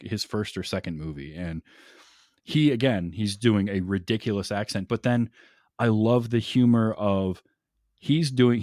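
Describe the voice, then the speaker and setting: A man's voice: deep voice, a little mellow, no echo, studio quality. A man chatting casually on a movie podcast, enthusiastic and laughing often, restarting his sentences as he goes. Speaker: podcast guest.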